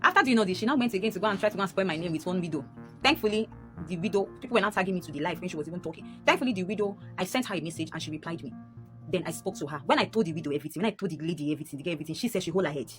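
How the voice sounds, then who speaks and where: A young Nigerian woman races through an emotional personal story in a fairly low voice, speaking rapid-fire and animatedly. She repeats lines and jumps sharply up in pitch when frustrated, with music clearly audible beneath her.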